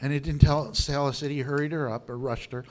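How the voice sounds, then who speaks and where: A middle-aged man preaching a sermon as pastor, lively and humorous, acting out quotes and asides. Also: medium pitch, a little fast.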